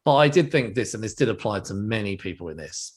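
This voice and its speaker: Man, low voice, podcast host, rambling casual chat, stammering, laughing. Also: animated, quick pace, breathy edge.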